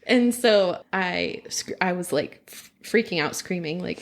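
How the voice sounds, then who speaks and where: A young woman, a podcast guest, telling her birth story in an animated, chatty way with lots of laughter and filler words. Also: on the low side, unhurried. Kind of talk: personal birth story in conversation.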